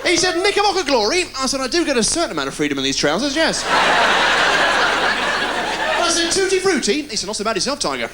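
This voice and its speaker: A man does stand-up on a 1990s TV broadcast, rattling off deadpan pun after pun. His voice sits very high and swoops all over, while a packed audience roars with laughter behind a noisy signal. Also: a loud crowd. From England. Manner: rapid-fire deadpan puns with quick delivery. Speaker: stand-up comedian. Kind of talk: stand-up one-liners. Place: live TV studio with a laughing audience.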